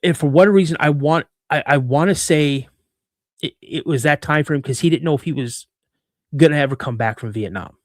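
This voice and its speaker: A man in his fifties telling stories as a podcast guest, animated and acting out the voices in them. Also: fairly high pitch, brisk, dry recording, studio quality. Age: 50s. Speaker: podcast guest, cryptid researcher. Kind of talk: casual storytelling.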